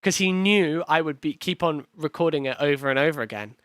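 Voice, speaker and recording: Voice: medium pitch, brisk, a bit bright, clean tone, dry recording. A young streamer with a London accent close to Cockney, chatting loosely through a reaction stream, rambling, swearing and laughing easily. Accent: London, near Cockney. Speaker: streamer and actor in the series.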